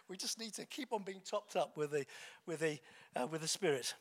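A man's voice: fairly high pitch, lively intonation, moderate pace. A man giving a sermon in a conversational way, with fillers, self-corrections and chuckling asides. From England. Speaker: preacher.

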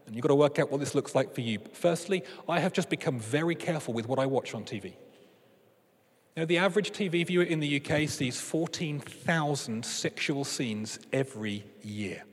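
A male preacher giving a sermon, moving from animated comic storytelling to earnest teaching. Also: a little high, brisk, husky, in a large hall.

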